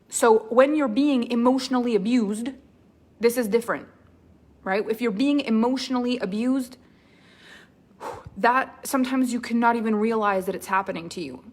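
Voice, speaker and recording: A woman mentor leading a live online training, greeting viewers by name and then teaching earnestly with lots of repetition. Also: medium pitch. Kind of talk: live-stream coaching talk.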